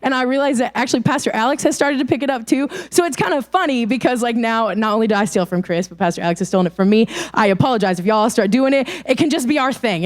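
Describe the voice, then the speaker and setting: A woman's voice: fairly high pitch, darkish tone. A young adult woman giving a casual, chatty youth sermon, informal and laughing often. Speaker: youth ministry speaker.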